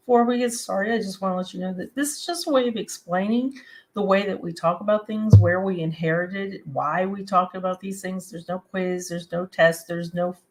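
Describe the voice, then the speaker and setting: A woman's voice: mid-range voice, fairly even intonation, moderate pace, darkish tone, slight background noise. A woman from West Virginia who hosts the show. She speaks with an Appalachian accent and explains things in a friendly way, spelling out examples. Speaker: host. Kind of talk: scripted talk to camera.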